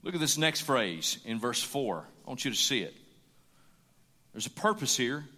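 A man's voice: medium pitch, very animated, normal speed, pushed and bright. A man preaching a sermon with emphasis, repeating his key lines for weight. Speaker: pastor. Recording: hall reverb.

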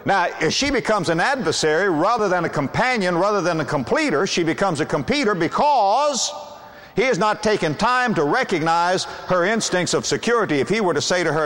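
An older man delivering a sermon in an emphatic preacher's cadence, leaning hard on key words and pausing for effect. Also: a little high, big pitch swings, fairly bright tone. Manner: emphatic, swooping preacher cadence with dramatic pauses. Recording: long hall reverb.

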